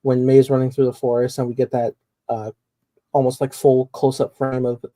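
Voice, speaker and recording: A man's voice: mid-range voice, little pitch movement, moderate pace, dark tone, no room sound. A man co-hosting a podcast in casual discussion, explaining earnestly with many fillers. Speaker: podcast co-host.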